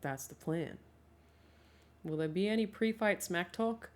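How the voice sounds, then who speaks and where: Young female streamer, low-ish pitch, loose and chatty with plenty of laughs and casual swearing, home desk-mic sound. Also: lively intonation, measured pace. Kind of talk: casual livestream chat.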